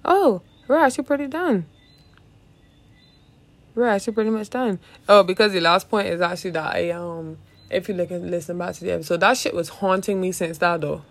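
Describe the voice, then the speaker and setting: Gravelly-voiced woman in rambling profane chat. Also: lowish voice, fairly quick. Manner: rambling, profane, says "dog" constantly; laughs often while talking. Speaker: podcast host. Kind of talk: casual chat.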